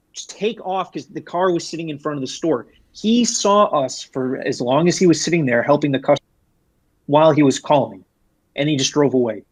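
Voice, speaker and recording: A man's voice: on the high side, no room sound. A young man telling a workplace story in a casual interview, rambling with restarts and fillers. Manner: rambling, frequent restarts and fillers, animated when retelling. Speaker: guest, former retail employee.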